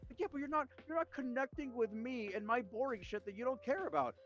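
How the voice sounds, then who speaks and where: A man's voice: very high voice, animated, fast talker, fairly bright tone, dull audio. A man ranting animatedly in casual chat, swearing heavily.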